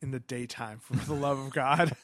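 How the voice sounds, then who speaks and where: A man's voice: mid-range voice, fairly even intonation, normal speed, no echo, studio quality. A man co-hosting a podcast in casual chat, laughing often and swearing as he acts out scared reactions. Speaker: podcast co-host.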